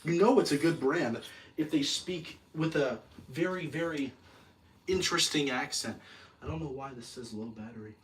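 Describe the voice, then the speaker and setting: A man's voice: a little high, moderate pace, a bit bright, slight background noise. A man hosting a casual show-and-tell vlog, rambling and self-correcting, with a self-deprecating, nerdy enthusiasm. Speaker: video host.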